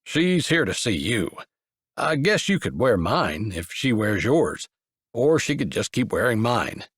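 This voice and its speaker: A male narrator voicing a steady, exasperated older brother in an audiobook, with a dry, lowered delivery. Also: unhurried, husky, no room sound, exaggerated voice. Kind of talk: audiobook character voice.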